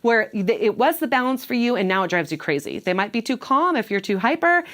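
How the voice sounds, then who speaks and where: A woman's voice: on the high side, lively intonation, brisk, a bit bright. A woman who works as a divorce coach, giving emphatic advice straight to camera and checking in with "okay?" and "right?". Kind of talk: direct-to-camera advice talk.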